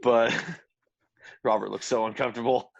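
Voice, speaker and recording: A man's voice: mid-range voice, steady tone, a little slow, vocal fry, no room sound, highs cut off. A man co-hosting a podcast who tells a rambling, profane story in casual chat, padded with "like" and laughter. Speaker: podcast co-host.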